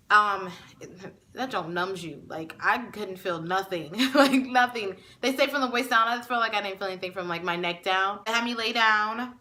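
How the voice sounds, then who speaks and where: A young woman vlogger telling a personal story to camera in a chatty way, often pausing on fillers and close to tears. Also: medium pitch, pushed and bright. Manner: chatty, with many fillers and restarts; emotional, near tears.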